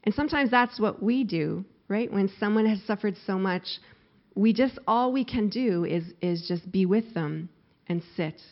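A middle-aged woman delivers a sermon in a middle-pitched voice. She acts out quoted laments with growing intensity. The recording sounds slightly dull and lo-fi. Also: normal speed. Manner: expressive, acts out quoted laments with rising force. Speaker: pastor.

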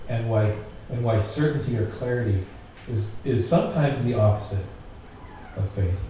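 With a warm tone at medium pitch, a pastor delivers his sermon conversationally, repeating phrases to emphasize them. Faint noise sits in the recording, made with a distant mic in a very echoey room.

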